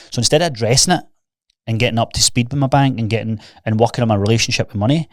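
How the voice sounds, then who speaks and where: Fast-talking Scottish man telling stories. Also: medium pitch, dry recording, clean studio sound. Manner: rapid, candid, peppered with "mate". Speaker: podcast guest, fitness coach. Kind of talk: casual storytelling chat.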